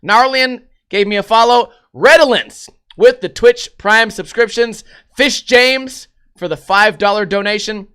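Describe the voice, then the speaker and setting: A man's voice: high voice, unhurried, sharp tone, smooth. A young man hosting a livestream podcast, telling crude, rambling stories with heavy swearing in casual chat. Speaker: podcast host.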